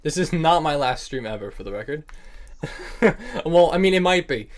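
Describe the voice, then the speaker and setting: This young man's voice is a little high and fast, with lively intonation, as he chats casually on a livestream. Joking and laughing a lot, he calls his viewers bro and man.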